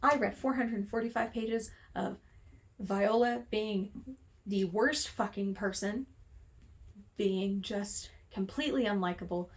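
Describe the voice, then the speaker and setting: A woman's voice: mid-range voice, slow pace. A woman talking casually to camera in a room at home, heated and exasperated, swearing freely as she rants. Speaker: book reviewer. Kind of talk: casual vlog rant. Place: room at home with window open.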